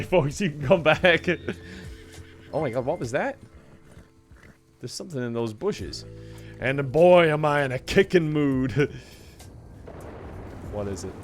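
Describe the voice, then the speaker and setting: Male streamer, loose chatty delivery, laughs a lot, faint game music under his voice. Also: on the high side. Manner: chatty, laughs often, thanks viewers by name. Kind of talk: casual gaming livestream chat.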